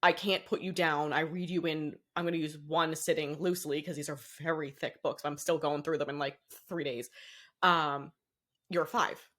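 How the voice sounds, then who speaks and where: A woman's voice: sits low, steady tone, moderate pace, a bit bright. A young woman co-hosting a podcast in casual chat, rambling and cutting herself off, laughing often. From Boston area, US. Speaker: podcast co-host.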